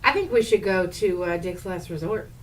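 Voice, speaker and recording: A woman's voice: lowish voice, normal speed, slight background noise. A woman co-hosting a radio show, chiming in with short replies and teasing remarks. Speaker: radio co-host. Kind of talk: casual morning radio banter.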